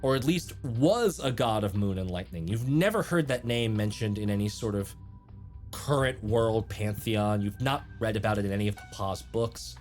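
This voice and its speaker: A man narrating as game master of a tabletop game, relaxed and conversational, sometimes tripping over invented words. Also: lowish voice, normal speed, soft background music.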